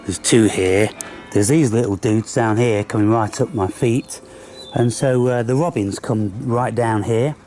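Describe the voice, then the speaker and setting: A man's voice: lowish voice, a little slow, dark tone, soft background music. A man vlogging outdoors on a handheld camera, chatting and coaxing birds and squirrels. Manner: chatty, coaxing animals in a singsong voice. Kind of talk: casual outdoor vlog talking to birds and squirrels. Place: outdoors in a garden or woodland.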